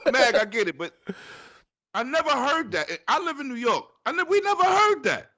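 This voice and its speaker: Very high, excitable male guest. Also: brisk. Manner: excited, laughing interjections. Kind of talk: casual chat.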